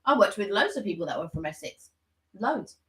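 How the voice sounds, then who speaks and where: A woman's voice: medium pitch, sing-song, brisk, echoey room. A woman co-hosting a casual live stream, trading dry quips and short reactions with her partner.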